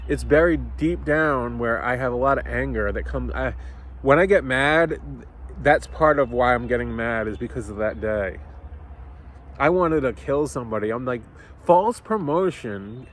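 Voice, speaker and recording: A man's voice: mid-range voice, expressive, a little slow, a little hiss or hum. A man vlogging a casual, rambling story, swearing often and getting heated as he talks.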